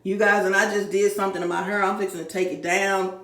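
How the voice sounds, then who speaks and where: A woman's voice: medium pitch, level tone, quick pace, hardly any pauses, fairly bright tone, echoey room. A middle-aged woman from Dallas, Texas, ranting in a profane, rambling vlog recorded at home. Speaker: YouTuber. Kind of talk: emotional vlog rant. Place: home room.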